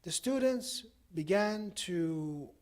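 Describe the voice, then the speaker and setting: A man preaching at a mosque on a Ramadan night. He tells a story in a relaxed, conversational way, with many "you know" asides, and closes with a prayer. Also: sits high, slow. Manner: ends with a supplication. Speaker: cleric giving a Ramadan night talk. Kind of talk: sermon with storytelling.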